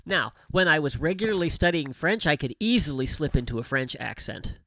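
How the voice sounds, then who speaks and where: A man's voice: a little high, expressive, a little fast, a bit bright, no echo. A man from the United States hosting a gaming livestream, rambling, chuckling often and muttering to himself as he plays. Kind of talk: casual gameplay commentary.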